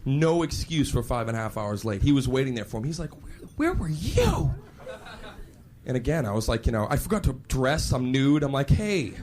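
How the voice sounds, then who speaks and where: A young man doing stand-up comedy, telling a story with excitable, animated energy and sudden shouted outbursts. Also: fast talker, few pauses. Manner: excitable and animated, jumps into shouted high voices.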